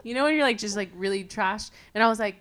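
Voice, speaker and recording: A young woman from California hosting a podcast, telling stories in a casual, animated way, full of fillers and swearing. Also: mid-range voice, quick pace. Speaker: podcast host. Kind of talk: casual storytelling chat.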